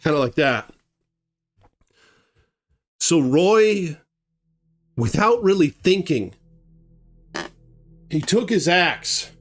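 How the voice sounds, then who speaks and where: A man telling a grim story casually, animated and conversational, acting out sounds as he goes. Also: a little high, extremely slow, long pauses, a little hiss or hum.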